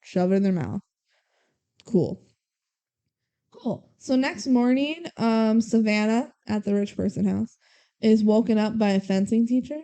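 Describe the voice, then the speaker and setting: A young woman co-hosting a podcast, recapping a movie in casual chat and playfully mimicking the characters. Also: mid-range voice. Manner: animated retelling, quick mimicking of characters. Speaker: podcast co-host.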